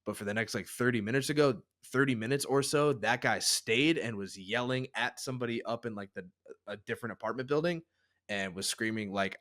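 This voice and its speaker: A man's voice: on the low side, brisk, fairly bright tone. A man hosting a podcast, chatting casually, telling rambling stories with wry swearing. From Chicago area. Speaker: podcast host. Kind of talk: casual chat.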